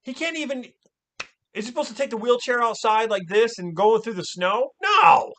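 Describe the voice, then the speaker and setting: A man recapping a movie in a casual, animated way, exclaiming often and swearing a lot. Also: very high-pitched, brisk. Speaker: movie reviewer.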